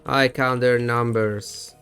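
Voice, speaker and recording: A man's voice: medium pitch, fairly even intonation, slow, fairly bright tone, smooth, faint music behind. Man reading a text game aloud. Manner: profane, wry asides. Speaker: streamer. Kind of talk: reading a text adventure aloud with live reactions.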